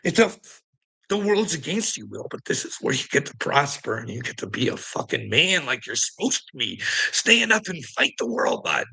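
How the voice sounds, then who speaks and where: Male ranter, gravelly voice with a bright edge, profane and confrontational. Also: medium pitch, sing-song, normal speed. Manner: profane, confrontational, laughs mid-rant. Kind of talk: ranting monologue to camera.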